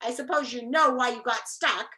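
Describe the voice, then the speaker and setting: A woman voicing a gruff, impatient watchdog with a clock for a body, giving stern, barking commands. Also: a little high, moderate pace, sharp tone, far from the mic.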